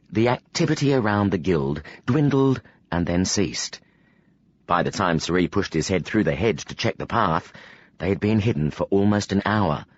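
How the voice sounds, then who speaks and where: Fantasy audiobook narrator: low, husky male voice, very animated delivery, dry and dull sound.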